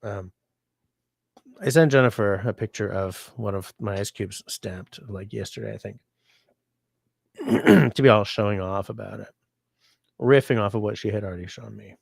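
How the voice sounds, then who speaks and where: A man's voice: on the low side, normal speed, vocal fry, long pauses, slightly rough, no room sound, studio quality. A sick man hosting a casual livestream, rambling and reading viewer comments aloud. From Canada. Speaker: livestream host.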